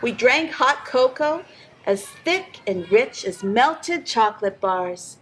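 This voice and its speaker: Slow, expressive woman reading a storybook. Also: on the high side, soft background music. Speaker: library storyteller. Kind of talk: reading a picture book aloud.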